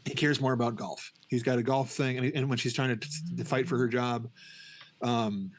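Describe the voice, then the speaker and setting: A man's voice: medium pitch, steady tone, normal speed, slight background noise. A middle-aged man co-hosting a podcast, chatting casually about a film, rambling with many restarts and acting out scenes. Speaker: podcast co-host. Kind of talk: casual film review chat.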